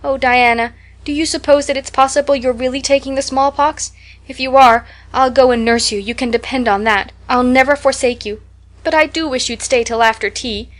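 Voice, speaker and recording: A woman's voice: on the high side, moderate pace, few pauses, a bit bright, lightly acted. A woman voicing a talkative, imaginative young orphan girl who tells stories in a breathless, dramatic way. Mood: pleading.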